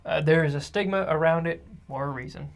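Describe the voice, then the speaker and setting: A man co-hosting a podcast in casual chat, who calls himself a fast talker. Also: on the high side, creaky. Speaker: podcast co-host.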